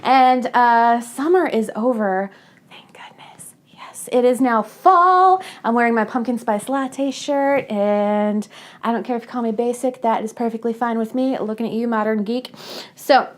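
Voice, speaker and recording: A woman's voice: fairly high pitch, measured pace. A woman from the hosting a casual book club podcast, chatty and giggly with lots of fillers. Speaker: podcast host.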